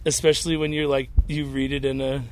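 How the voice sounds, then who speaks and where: A man from Chicago with a Chicago accent, a podcaster talking in a wry, animated way. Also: mid-range voice, fairly quick. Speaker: podcaster and musician. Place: vintage shop with clothing racks.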